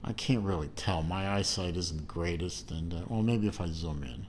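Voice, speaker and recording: A man's voice: low voice, normal speed, a little mellow, a little hiss or hum. A middle-aged man giving a casual watch unboxing review, rambling with fillers and self-corrections and dropping dry, self-mocking asides.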